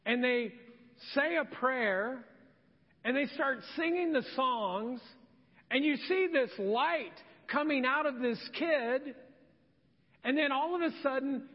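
A middle-aged man preaching a sermon as a pastor, telling stories in an animated, conversational way. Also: very high-pitched. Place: church sanctuary. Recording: dull sound with long hall reverb.

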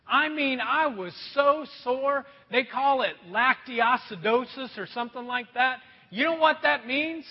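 A middle-aged man preaching a sermon as a pastor, telling a self-deprecating story in an animated way. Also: sits high, slightly rough. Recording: dull sound with long hall reverb.

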